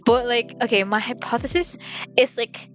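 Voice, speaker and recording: Young woman, reaction vlogger; higher voice, excitable, rambling, rhetorical questions, music faint underneath. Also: normal speed, poor audio. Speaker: reaction video host. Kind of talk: casual reaction commentary.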